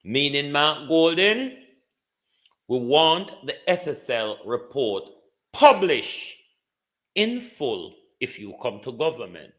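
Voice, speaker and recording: Jamaican guy doing a live political broadcast, slow talker, bright voice, keeps going "hmm?". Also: medium pitch, big pitch swings. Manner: taunting, rhetorical, asks "hmm?" often. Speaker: political commentator.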